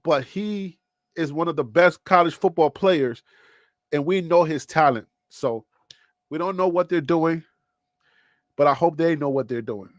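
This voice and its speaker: A man's voice: fairly high pitch, measured pace, long pauses, dry recording, studio quality. A man hosting a sports talk show, speaking casually and repeating himself as he builds his point.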